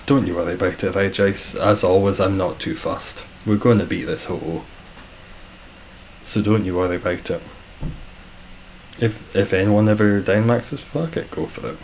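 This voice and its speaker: A man's voice: sits low, normal speed, long pauses, a little mellow, a little hiss or hum, rough recording. A Scottish man chatting casually on a live stream, reading out viewer comments with dry, self-deprecating humour. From Scotland.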